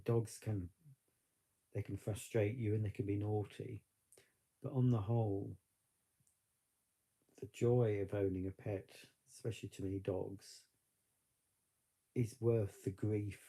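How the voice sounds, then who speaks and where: A man talks in a rambling, reflective way on a live stream, now and then tearful. His voice is gravelly and husky and sits deep and dark. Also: little pitch movement, measured pace, pauses often. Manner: reflective, rambling, with frequent fillers. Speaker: vlogger. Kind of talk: casual live-stream chat.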